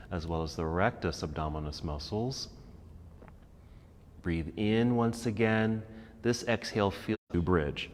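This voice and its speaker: A man teaching a yoga class with calm, encouraging step-by-step cues. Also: on the low side. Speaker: yoga instructor. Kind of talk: guided yoga class instruction. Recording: echoey room with faint background noise.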